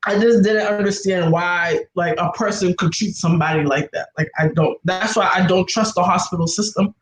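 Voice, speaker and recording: A woman, a guest, telling an upsetting personal story in a halting, emotional, repetitive way. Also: fairly low pitch, steady tone, slight background noise. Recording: roomy echo.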